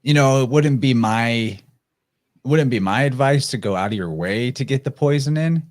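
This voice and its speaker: A man hosting a casual podcast talk, thoughtfully adding to his guest's points. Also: medium pitch. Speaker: podcast host.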